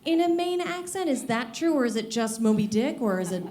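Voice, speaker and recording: A woman's voice: fairly high pitch, big pitch swings, fairly quick, darkish tone, a little hiss or hum. A woman calling out a question from the back of a live audience, eager and tripping over her words. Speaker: audience member asking a question.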